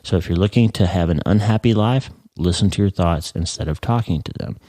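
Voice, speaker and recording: A middle-aged man hosting a podcast, talking earnestly about happiness and acting out people's inner thoughts with rising excitement. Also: deep voice, fairly quick, no echo, studio quality. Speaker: podcast host. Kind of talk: motivational podcast talk.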